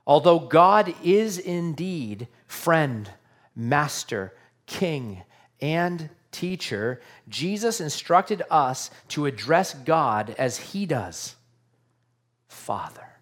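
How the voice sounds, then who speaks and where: A man's voice: fairly high pitch, lively intonation, very slow. A man preaching a sermon to his congregation in an earnest, conversational way, often asking rhetorical questions. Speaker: pastor.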